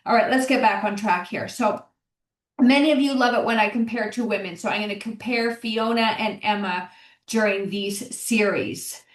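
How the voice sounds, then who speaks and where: A woman's voice: medium pitch, moderate pace. A middle-aged woman hosting a solo podcast, talking in an encouraging, conversational way and often repeating her key phrases. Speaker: podcast host, health coach. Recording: roomy, distant mic.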